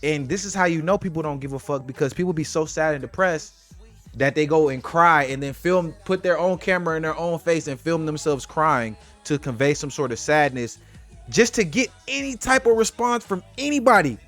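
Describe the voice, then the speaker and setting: A man's voice: a little high, moderate pace, a bit bright, faint music behind. Blunt, profane man lecturing to camera. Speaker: vlogger giving life advice. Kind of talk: casual motivational monologue to camera.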